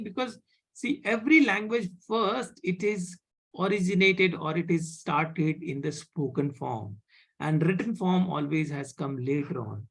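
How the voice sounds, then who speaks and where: A teacher with an Indian accent giving a live online French class, speaking slowly, repeating words and checking with "right?". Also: mid-range voice, gravelly, breathy edge. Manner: slow, repeats words, asks "right?" often.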